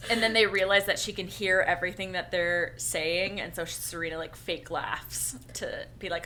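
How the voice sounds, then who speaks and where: A woman co-hosting a casual podcast, who laughs easily and chimes in with quick agreement. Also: on the low side, steady tone, pushed and bright, a little hiss or hum. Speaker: podcast co-host. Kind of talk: casual chat.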